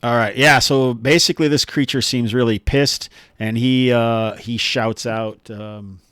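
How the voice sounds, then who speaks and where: A man's voice: mid-range voice, steady tone, measured pace, fairly bright tone, clear, resonant tone, dry recording. Guy running a tabletop game, rambles and restarts a lot, dry close sound. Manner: rambling, many restarts and fillers. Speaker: game master.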